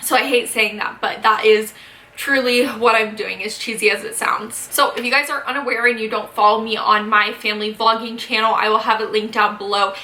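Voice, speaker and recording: A woman's voice: fairly high pitch, fairly even intonation, brisk, pushed and bright, echoey room. A woman of twenty-two hosting a casual sit-down vlog, chatty and full of "um" and "like", a little out of breath while pregnant. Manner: chatty, filler-heavy, frequent "um" and "like". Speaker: vlogger host.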